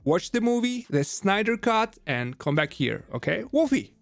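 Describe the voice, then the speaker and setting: A man with a notably high voice hosts a relaxed film review chat, sounding eager and excitable. The recording is dry and close, with faint music underneath. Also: normal speed, gravelly, no echo. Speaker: channel host.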